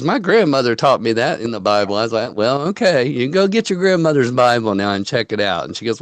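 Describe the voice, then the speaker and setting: A man's voice: medium pitch, lively intonation, a little fast, few pauses, no room sound. A man hosting a casual online chat, telling folksy stories and acting out what people said. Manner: folksy storyteller, quotes people in dialogue.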